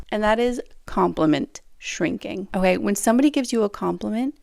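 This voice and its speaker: Chatty young woman with a gravelly edge. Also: medium pitch, normal speed, few pauses, no echo, clean studio sound. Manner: animated, chatty, laughs often, acts out quotes. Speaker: podcast host. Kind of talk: casual solo podcast advice.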